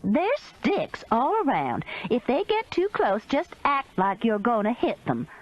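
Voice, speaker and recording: Female narrator as older foul-mouthed granny, shrill and screechy, slow lively delivery. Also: highs cut off, full character voice. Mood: bossy. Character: older profane Southern trailer-park grandmother.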